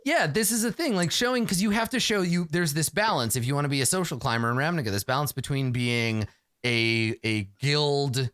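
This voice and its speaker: A man narrating a tabletop game as game master, telling the scene in a chatty, animated way. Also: on the high side, brisk, clear, resonant tone, no echo, studio quality.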